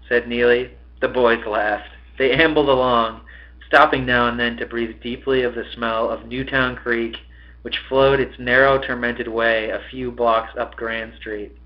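A man's voice: mid-range voice, flat delivery, measured pace, muffled recording. A man hosting a podcast, reading a novel aloud with expression and swearing at his own slips.

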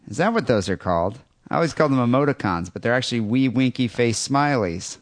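A man co-hosting a crude comedy podcast, joking loudly and reading a listener's email aloud with lively asides. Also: medium pitch, fairly quick, few pauses, no room sound. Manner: loud, animated, jokey storytelling. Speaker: podcast co-host.

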